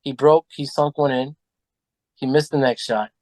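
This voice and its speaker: A man telling animated stories in a casual podcast chat, acting out what people said and swearing freely. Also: mid-range voice, normal speed, no echo. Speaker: podcast guest. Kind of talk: casual storytelling.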